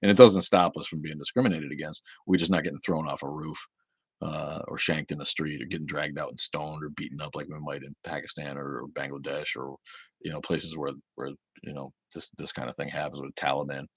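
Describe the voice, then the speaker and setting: A man's voice: rumbling low, flat delivery, fairly quick, breathy edge, no echo, clean studio sound. A man hosting a casual livestream, reading out viewer comments and answering them with sarcastic, profane rants full of restarts.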